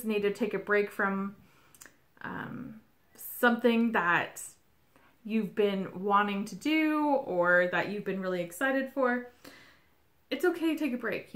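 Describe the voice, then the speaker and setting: Woman, bright clear voice, casual tarot reading, reassuring, many ums. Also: medium pitch, lively intonation, unhurried. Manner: reflective, reassuring, with frequent fillers. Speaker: tarot reader. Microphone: home video setup.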